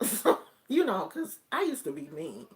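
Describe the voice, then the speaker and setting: A woman's voice: on the low side, huge pitch swings. A woman from the United States telling a personal story on her vlog in a casual, colloquial way. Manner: slow, drawn-out and colloquial, with many fillers.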